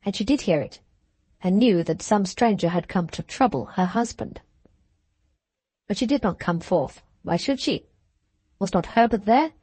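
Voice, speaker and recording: A woman's voice: medium pitch, expressive, moderate pace, pauses often, mellow, breathy edge, no room sound. Woman reading a novel in a dry voice. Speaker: audiobook narrator. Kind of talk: scripted audiobook narration.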